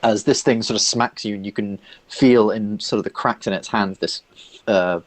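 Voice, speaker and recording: Brief: male dungeon master, deep-ish voice, rambling descriptive narration. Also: fairly even intonation, normal speed, no room sound. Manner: loose, filler-heavy descriptive narration. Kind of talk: narrating a tabletop game.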